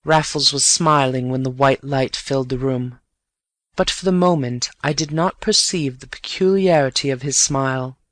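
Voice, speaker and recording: A man's voice: medium pitch, normal speed, fairly bright tone, dry recording. Man narrating a story, dry and close. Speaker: audiobook narrator. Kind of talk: scripted story narration for learners.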